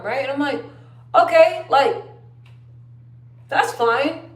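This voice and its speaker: A woman's voice: a little high, measured pace, pauses often. A young woman chatting casually on a livestream, telling stories and reading viewer comments aloud. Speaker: livestream host. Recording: roomy sound, distant from the mic.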